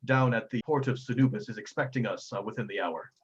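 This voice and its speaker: A man's voice: medium pitch, fast talker, slightly rough, muffled recording, lightly acted. A man voicing a stern, grandfatherly winged elder in a tabletop game, speaking formally and like a father. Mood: grave.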